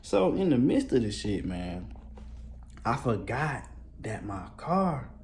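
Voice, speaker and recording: A man's voice: mid-range voice, big pitch swings, takes it slowly, darkish tone, a little hiss or hum. A man telling a casual storytime, talking loosely in street slang with a lot of fillers and swearing. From Columbus, Georgia, US.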